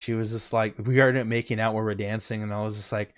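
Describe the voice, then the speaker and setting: A young man hosting a casual chat stream, telling a story in relaxed, slangy talk. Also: fairly low pitch, fast talker. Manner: laid-back storytelling with slang. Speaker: streamer host.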